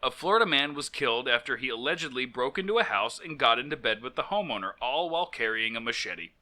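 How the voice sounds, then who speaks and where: A man's voice: medium pitch, animated, quick pace, sharp tone. A man co-hosting a comedy podcast, reading out strange news stories and joking about them. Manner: reads news stories aloud, breaks into jokey voices and laughter. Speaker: podcast co-host. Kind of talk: casual comedic chat.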